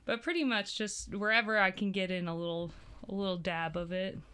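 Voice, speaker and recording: Young woman guest, bright crisp voice, easygoing, laughs a lot. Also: mid-range voice, a little fast. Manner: relaxed, laughs easily. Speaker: community theater actor, guest. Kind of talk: casual interview chat.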